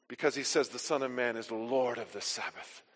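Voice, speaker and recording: A man preaching a sermon as pastor, emphatic, building to forceful declarations. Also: medium pitch. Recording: long hall reverb.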